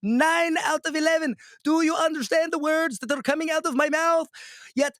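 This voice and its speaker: A brash salesman with a thick Indian accent rattles off boastful, sing-song sales patter, as a man puts him on. The voice rides very high. It sounds close and dry. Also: fairly even intonation, moderate pace, a bit bright, no echo. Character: brash male pitchman with a put-on Indian accent.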